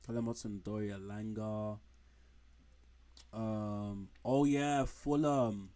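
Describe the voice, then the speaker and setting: Streaming from home, a man rambles frankly through a list of football players, tossing out slang and blunt put-downs as casual live commentary. His voice is lowish and warm, with fairly even intonation and a slow pace.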